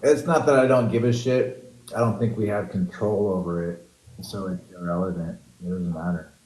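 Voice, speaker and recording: A man's voice: low-pitched, fairly even intonation, normal speed, darkish tone. A man being interviewed in a casual chat, giving short, laid-back answers with sighs and fillers. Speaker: interview guest. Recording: echoey room, faint background noise.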